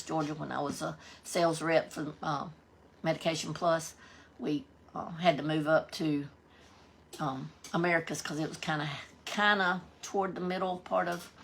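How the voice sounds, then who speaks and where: Southern lady on a live stream, low voice with lots of fry, chatty and folksy. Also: steady tone, normal speed, a little hiss or hum. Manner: folksy and chatty, greeting viewers by name. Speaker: livestream host. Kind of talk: casual live-stream chat, reading out viewer comments.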